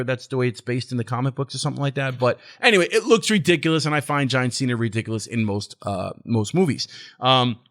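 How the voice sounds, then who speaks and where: A man's voice: mid-range voice, a bit bright. A man hosting his own movie review channel, ranting casually in a blunt, profane and sarcastic way.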